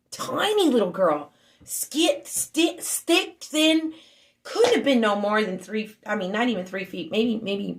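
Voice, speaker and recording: High-voiced woman telling an agitated story. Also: roomy sound. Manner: animated, agitated retelling with raised outbursts. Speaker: storyteller recounting an incident. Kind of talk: casual storytelling vlog.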